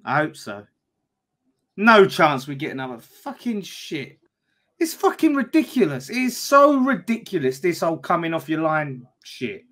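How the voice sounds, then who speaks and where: Excitable swearing football fan, lively voice. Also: male voice, on the high side, moderate pace. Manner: excitable, swearing, reacting loudly to the play. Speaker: football fan on a watch-along. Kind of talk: live watch-along commentary.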